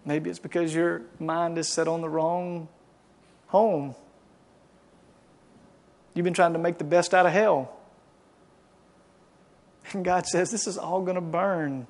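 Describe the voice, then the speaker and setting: Guy preaching in church, gets loud and fired up then goes soft and prayerful, voice a bit on the high side. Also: steady tone, slow, vocal fry, pauses often. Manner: builds to loud impassioned preaching, then drops to hushed prayer. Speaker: pastor. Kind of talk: sermon and closing prayer. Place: church service.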